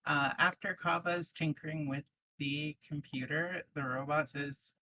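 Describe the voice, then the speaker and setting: A game master narrating a tabletop game in a relaxed, jokey way over a home microphone. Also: mid-range voice, unhurried, a little hiss or hum, poor audio.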